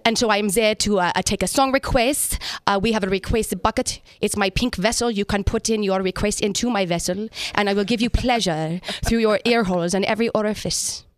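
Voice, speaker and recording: A woman's voice: medium pitch, brisk, hardly any pauses, no echo, clean studio sound, close to an everyday voice. A woman putting on a bossy mock-German band leader. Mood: campy bossy. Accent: put-on German. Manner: commanding, campy innuendo.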